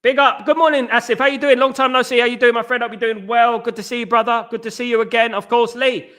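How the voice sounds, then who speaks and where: Man in his forties, high bright voice, excitable live-stream host who chants and repeats himself. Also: quick pace. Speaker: livestream host. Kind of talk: casual live chat reading comments.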